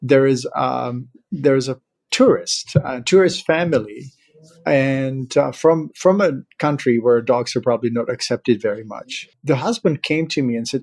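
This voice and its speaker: A talkative man from Central Europe hosts a relaxed podcast conversation. He laughs easily and wanders into side stories, with a voice of ordinary middle pitch. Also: normal speed, vocal fry. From Czech Republic. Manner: chatty, laughs often, digresses. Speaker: podcast host. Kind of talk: casual conversation.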